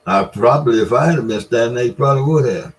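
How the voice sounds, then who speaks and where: A man's voice: mid-range voice, fast talker, poor audio. A man telling a folksy story in casual talk, laughing often as he spins his yarn. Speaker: storyteller, former store owner.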